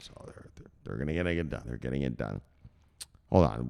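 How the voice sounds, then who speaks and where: A man hosting a crypto news show, excitable and profane, giving casual commentary and punctuating his points with a shouted "bang.". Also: a bass voice, fairly quick, vocal fry.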